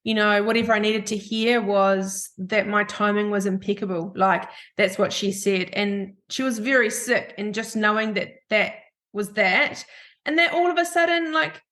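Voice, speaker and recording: A woman's voice: medium pitch, moderate pace, fairly bright tone. A woman with a New Zealand accent hosting a podcast, telling a personal story in a candid, heartfelt way. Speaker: podcast host. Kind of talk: casual podcast chat.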